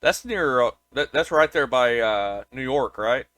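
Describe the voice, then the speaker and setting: A man's voice: mid-range voice, expressive, a little slow, a bit bright, no echo. A man co-hosting a podcast, chatting casually and joking with mock confusion. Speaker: podcast co-host. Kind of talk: casual chat.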